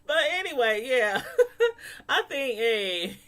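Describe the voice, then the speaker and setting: High bright-voiced woman chatting to her viewers about a tv show, laughs a lot. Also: big pitch swings, slow. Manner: chatty, laughs a lot, mimics people in quotes. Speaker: vlogger reviewing a reality show. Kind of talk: casual chat to viewers.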